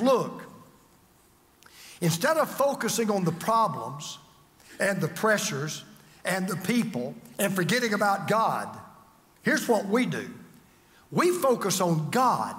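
A man preaching a sermon as pastor, swinging from forceful lines to hushed, drawn-out words. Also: high voice, in a large hall.

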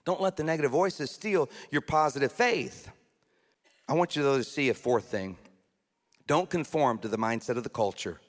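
A man preaching a sermon as a pastor, lively and conversational, often slipping into mock voices and asides. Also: mid-range voice, normal speed. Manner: animated, acts out mocking voices, conversational asides. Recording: long hall reverb.

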